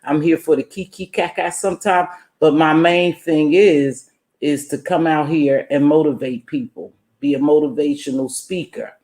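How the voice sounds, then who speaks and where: A woman's voice: low voice, fairly even intonation, moderate pace, darkish tone. Emphatic woman livestreamer in an echoey room. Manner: emphatic and preachy, greets chat viewers mid-rant. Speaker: livestream host. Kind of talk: casual motivational livestream talk.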